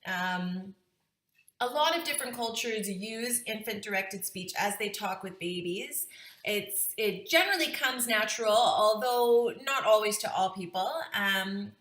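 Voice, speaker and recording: A woman's voice: mid-range voice, a little slow, fairly bright tone. A woman in her thirties explaining to parents how babies learn language, in a friendly teaching manner. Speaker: parenting educator. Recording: echoey room.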